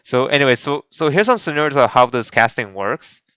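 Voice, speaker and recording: Male gaming host, casual rambling commentary, bright crisp voice, dry close mic. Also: medium pitch, lively intonation, fairly quick, dry recording, low-quality recording. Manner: rambling, many restarts and fillers. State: voice cracking.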